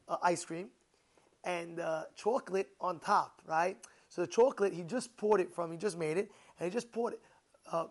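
A man, a rabbi, giving an animated Torah class, asking his listeners questions and using many fillers. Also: sits high.

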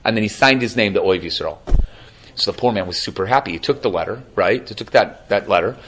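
A man giving a Torah class as a rabbi, telling stories with animated asides. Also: lowish voice, slight background noise. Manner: animated storytelling, quick asides. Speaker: rabbi lecturer.

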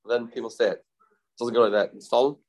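A man gives a Talmud class at a middle pitch. His voice swings up and down as he chants verses in a sing-song, then drops back to explaining. He keeps firing questions at his listeners and answering them himself. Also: fairly even intonation, fairly quick, a little mellow. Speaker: Talmud teacher. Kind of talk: Talmud lecture.

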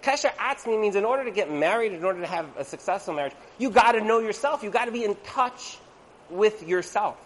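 A man with a high voice teaches an evening class on Torah and marriage, keeping it chatty. He tosses in rhetorical questions and slips into the voices of the people he quotes. A faint noise runs under his voice. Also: lively intonation, fairly quick. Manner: conversational, asks rhetorical "right?", acts out quoted voices.

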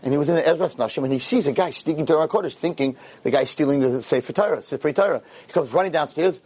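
A man telling a story in a lecture, animated and acting out the characters' voices. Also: fairly high pitch, racing, husky.

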